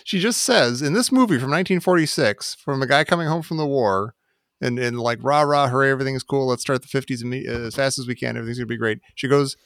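A man's voice: medium pitch, fast, a bit bright, no room sound, studio quality. A man co-hosting a film podcast in casual chat, laughing often and acting out lines from the movie. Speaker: podcast co-host.

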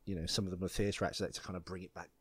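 Lower-voiced man asking curious questions. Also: little pitch movement, rapid-fire. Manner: curious, asks lots of questions, teasing. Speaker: podcast co-host. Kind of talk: casual film discussion.

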